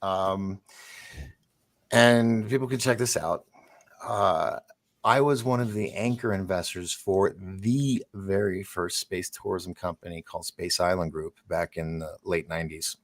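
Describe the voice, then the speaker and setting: A man in his forties hosting a casual chat, telling stories in a rambling, excitable way with many restarts. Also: sits low, measured pace. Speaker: host.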